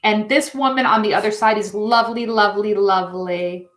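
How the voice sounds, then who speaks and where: A woman's voice: mid-range voice, steady tone, a little fast, fairly bright tone, slight background noise. A woman giving a live tarot reading, chatting in a rambling, emotional, effusive way. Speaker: tarot reader. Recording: echoey room.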